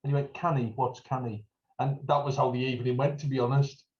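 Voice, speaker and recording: A man's voice: mid-range voice, flat delivery, fast. Chatty North East English man, lo-fi. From North East England. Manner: storytelling, jokey, acts out greetings in a raised voice. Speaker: podcast co-host. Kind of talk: casual chat.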